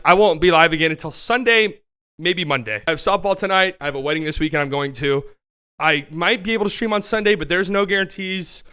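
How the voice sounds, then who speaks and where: Male host, casual sports rant, fairly high and bright, emphatic and profane. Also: smooth. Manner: emphatic, exasperated and profane, rambling with restarts.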